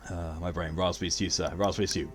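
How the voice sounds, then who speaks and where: A man streaming a video game, chatting casually with his viewers, joking, swearing freely and laughing often. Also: sits low. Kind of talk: casual gaming stream chat.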